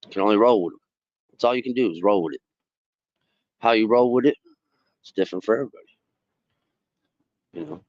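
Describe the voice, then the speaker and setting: On a muffled recording with no room sound, a fishing livestream host rambles through his stories at a brisk pace with long pauses. He swears freely and adopts high-pitched voices whenever he quotes someone.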